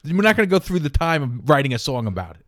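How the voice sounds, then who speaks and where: A man co-hosting a casual podcast chat, sarcastic and quick to laugh and joke. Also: fairly high pitch, big pitch swings, dry recording, clean studio sound. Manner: sarcastic, laughs often, jokes. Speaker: podcast co-host.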